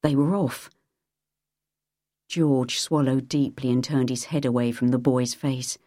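A woman narrating an audiobook in a measured, even storytelling manner. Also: very deep voice, no room sound, studio quality.

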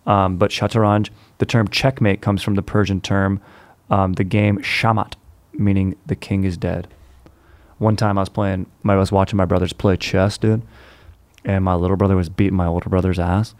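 A young man rambles through stories in a casual, laid-back chat, profane and constantly calling people "dude." His low voice is level and darkish at a moderate pace, captured in a dry recording.

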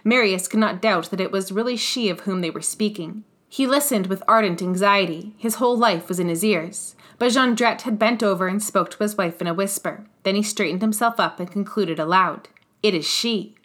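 Woman, audiobook narrator, classic novel, measured, expressive, mid pitch.

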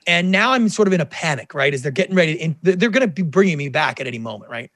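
A middle-aged man, a television producer guest in an interview, telling stories in a lively way and acting out the quoted dialogue. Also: on the high side, very fast, no room sound. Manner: animated, acts out quoted dialogue. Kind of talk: casual interview storytelling.

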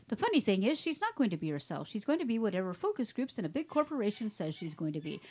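A woman's voice: mid-range voice, big pitch swings, quick pace, hardly any pauses, darkish tone. A woman in casual conversation, riffing on online comments. She reads them out with heavy sarcasm and breaks into laughter often. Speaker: co-host.

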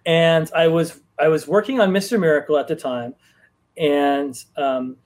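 A man's voice: on the high side, a little slow, a little mellow. A man, a comic book writer, telling a long anecdote in a casual chat, with lots of restarts and fillers. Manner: rambling, many restarts and fillers. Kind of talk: casual storytelling on a live stream.

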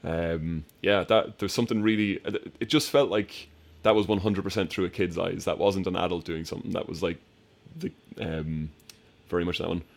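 A man chatting casually on a podcast, retelling movie scenes with animated, laughing energy. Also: low voice, normal speed, vocal fry, hardly any pauses. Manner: animated storyteller, acts out film scenes with laughter. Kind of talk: casual chat.

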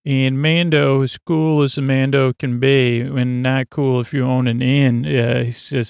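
A man casually recapping a TV episode on his own, rambling and halting with many fillers and restarts. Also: medium pitch, little pitch movement, creaky, clear, resonant tone, dry recording, clean studio sound. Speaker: podcast host recapping a TV episode.

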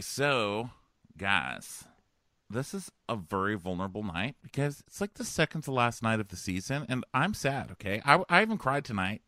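A man's voice: on the low side, pushed and bright, dry recording, studio quality. A man hosting a comedy podcast from a hotel room over a remote link, joking and campy, laughing often. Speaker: podcast host. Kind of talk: casual comedic chat. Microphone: remote connection.

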